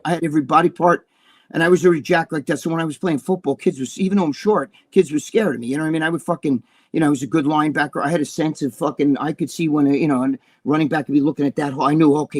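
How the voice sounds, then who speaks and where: A man's voice: on the high side, rapid-fire, husky. A man in his sixties, co-hosting a casual chat and telling profane, heated stories. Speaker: co-host.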